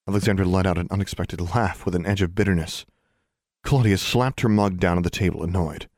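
A man narrating a novel as an audiobook in a measured storytelling manner, giving the characters their own voices. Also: deep voice, darkish tone, no room sound, clean studio sound.

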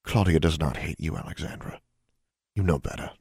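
A man reading an audiobook, voicing a stern, secretive wizard father who speaks in a calm, measured, formal way. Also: extremely low pitch, creaky, breathy edge, dry recording, clean studio sound, heavily acted.

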